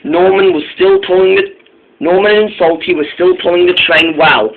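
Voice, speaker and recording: A man's voice: sits high, huge pitch swings, moderate pace, vocal fry. Male storyteller, informal and eager, tinny phone-like sound. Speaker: narrator. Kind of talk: reading a toy-train story.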